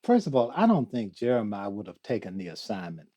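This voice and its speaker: An older man as a guest in an interview, talking slowly and reflectively, reciting poetry and laughing often. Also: on the low side, wildly swooping pitch, warm tone. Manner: slow, musing, quotes poetry, laughs often. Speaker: guest, theologian.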